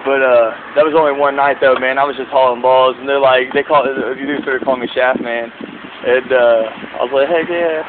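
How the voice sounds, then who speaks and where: A young man chatting casually, telling a long animated story in slangy talk and acting out what others said. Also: medium pitch, brisk. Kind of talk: casual chat. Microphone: phone. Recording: tinny phone recording with road noise.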